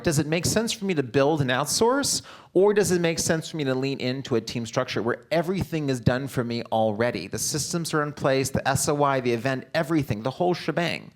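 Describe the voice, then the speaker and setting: A man presenting a live business seminar, coaching the audience directly and often asking quick check-in questions. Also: mid-range voice. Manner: direct, coaching, upbeat delivery. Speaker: real estate seminar presenter.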